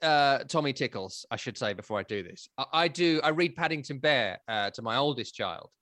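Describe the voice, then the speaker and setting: A man with a lively, up-and-down voice hosts a football chat show. He talks in a wry, joking way, his tone is bright, and the dry close sound has no room echo. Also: medium pitch, brisk. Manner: animated, wry, swings between loud and quiet. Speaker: podcast host. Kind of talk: casual chat.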